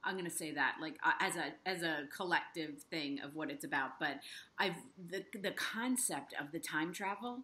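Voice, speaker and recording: A woman's voice: deep voice, normal speed, pushed and bright. A middle-aged woman interviewing an author, gushing with enthusiasm and tumbling over her own words. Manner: gushing, effusive, talks over herself with restarts. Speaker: interviewer and book reviewer.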